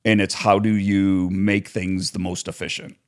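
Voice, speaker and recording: A man's voice: sits low, little pitch movement, measured pace. A man talking in a podcast interview, explaining his ideas and acting out both sides of everyday arguments. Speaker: author and counselor, guest.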